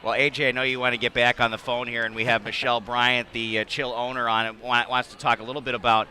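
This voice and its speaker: Bright-voiced easygoing sports show host man. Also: medium pitch, level tone, fast talker. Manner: easygoing, filler-heavy. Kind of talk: casual sports talk show. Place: sports bar.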